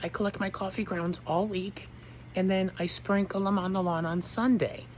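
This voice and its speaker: A man voicing an elderly woman neighbor in her eighties who talks in a sweet, confiding, high voice. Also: steady tone, moderate pace, a little mellow, slight background noise, natural voice, low-quality recording. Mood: explaining. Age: 80s. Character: chatty elderly woman neighbor, frail legs.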